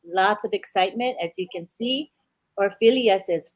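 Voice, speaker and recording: A woman hosting a live webinar, reading viewer comments aloud in an upbeat, steady way. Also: medium pitch, measured pace.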